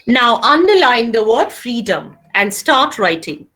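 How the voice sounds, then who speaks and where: A woman's voice: on the high side, sing-song, a little slow, fairly bright tone. A woman teacher with an Indian English accent lecturing a class online, emphatic and repeating key phrases for students to note down.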